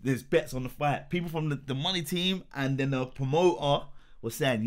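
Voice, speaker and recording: A man's voice: a little high, normal speed. Man telling a boxing story. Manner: animated storytelling with acted quotes. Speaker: boxing coach. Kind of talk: casual chat.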